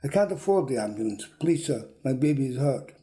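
A man's voice: medium pitch, lively intonation, brisk, warm tone, close to an everyday voice. A man reading a story and voicing a desperate woman begging for help at a door. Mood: pleading. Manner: pleading.

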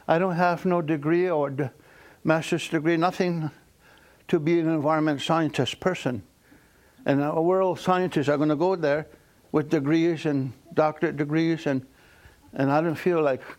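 A man from a Mohawk community tells stories in a loose, halting way, full of pauses and fillers. His voice sits a little high. He chuckles at his own punchlines. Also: a little mellow. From Akwesasne Mohawk community. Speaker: storyteller. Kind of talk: casual spoken storytelling.

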